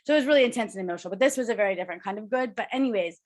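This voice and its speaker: Brief: young woman co-host, rapid chatty delivery, bubbly and rambling, video call. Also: medium pitch. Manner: fast, bubbly, rambling with many "like"s. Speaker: podcast co-host. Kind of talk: casual chat.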